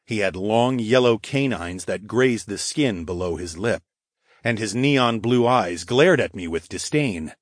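A man narrating a first-person fantasy audiobook in a gruff, profane, animated way. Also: fairly low pitch, unhurried, dry recording, clean studio sound.

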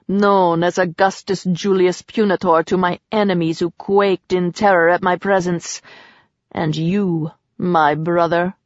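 A woman's voice: on the low side, no echo. Woman voicing a proud, boastful warrior man. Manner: commanding, boastful. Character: proud immortal warrior man, defiant and protective. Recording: slightly muffled.

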